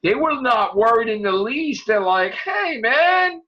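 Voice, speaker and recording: A man hosting a casual podcast chat, his voice sitting slightly high, with a husky grain. He talks animatedly and acts out scenes with loud outbursts. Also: lively intonation, normal speed, lo-fi sound. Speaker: podcast host.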